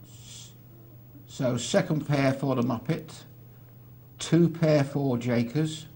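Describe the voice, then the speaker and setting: A man's voice: mid-range voice, slow pace, warm tone. A man gives live poker commentary, walking through each hand with a chatty manner and dry teasing asides to his co-host.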